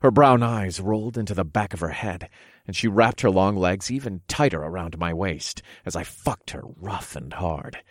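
Speaking at a normal speed, a man tells a first-person adult story in a commanding low register. His voice is husky and very deep, captured in a close, dry recording with no room ambience.

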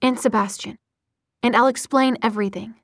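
A woman reading an audiobook, voicing a cocky, teasing young man who speaks smoothly and mockingly. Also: a little high, steady tone, moderate pace, a bit bright, no room sound, clean studio sound.

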